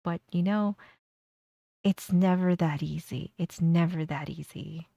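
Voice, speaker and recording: Woman streamer, sarcastic reactor, gravelly, dry close mic. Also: fairly low pitch, a little slow, dark tone, no room sound. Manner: blunt, sarcastic, laughs often. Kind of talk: casual reaction commentary.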